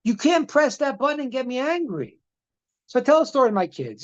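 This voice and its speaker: A man, a rabbi, giving a religious lesson and telling stories in an animated way on a video call. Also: extremely high pitch, brisk, highs cut off. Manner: animated storyteller, repeats words. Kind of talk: religious lesson with a storytelling part. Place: online meeting.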